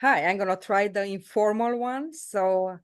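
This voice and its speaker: A woman in a workshop practicing a self-introduction, hesitant, pausing often. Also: medium pitch, clear, resonant tone, dry recording, clean studio sound. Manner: hesitant, lots of uh fillers, laughs easily. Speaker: workshop participant. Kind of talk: practicing a pitch, casual.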